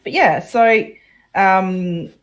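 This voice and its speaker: A woman's voice: mid-range voice, very slow, poor audio. A woman hosting a web panel over a video call in an easygoing way, with many short acknowledgements. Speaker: host.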